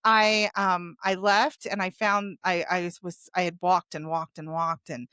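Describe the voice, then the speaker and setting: A woman guest on a podcast, telling her own story openly, with a wry humor about dark memories. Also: lowish voice, little pitch movement, unhurried, clean tone, no echo, clean studio sound. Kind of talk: candid storytelling in a podcast interview.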